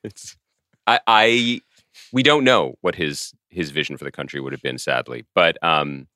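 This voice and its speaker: A man's voice: very deep voice, normal speed, pushed and bright, no room sound, clean studio sound. A middle-aged man co-hosting a podcast, chatting casually in a wry, self-deprecating way. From Philadelphia. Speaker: podcast co-host. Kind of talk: casual chat.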